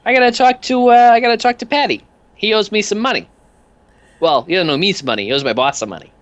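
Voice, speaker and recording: A man voicing a cocky male robot thug with a high, smug, taunting put-on voice. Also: fast talker, a bit bright, no echo, highs cut off.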